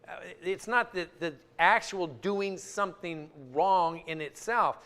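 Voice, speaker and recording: A man's voice: high-pitched, slow, bright, forceful tone, clear, resonant tone. A man giving an informal church talk, conversational, often repeating words and restarting his sentences. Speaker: church speaker. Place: church sanctuary.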